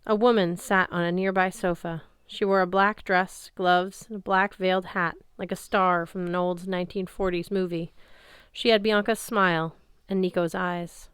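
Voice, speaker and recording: A woman's voice: lowish voice, little pitch movement, moderate pace, a bit bright, smooth, no room sound, clean studio sound. Woman reading a story aloud. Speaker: audiobook reader. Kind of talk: first-person story narration.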